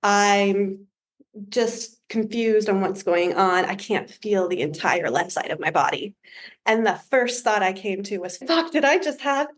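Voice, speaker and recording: A woman who is a podcast guest, telling a story in a casual, humorous and animated way. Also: medium pitch, unhurried.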